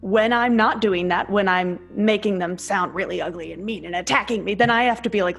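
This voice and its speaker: A woman's voice: medium pitch, a little fast, creaky, hardly any pauses, fairly bright tone, faint music behind. Earnest, self-aware woman sharing a habit. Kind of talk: reflective conversation.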